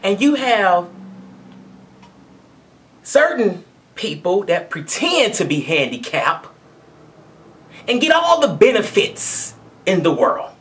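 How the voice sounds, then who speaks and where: A woman's voice: mid-range voice, big pitch swings, takes it slowly, pauses often. A woman giving a blunt, conversational commentary rant to camera as a video blogger.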